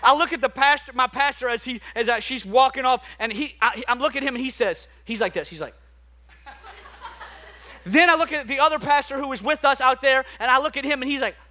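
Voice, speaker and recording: Bright-voiced man preaching a sermon. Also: very high-pitched, brisk. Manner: earnest, emphatic, repeats words when fired up. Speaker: pastor. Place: church sanctuary.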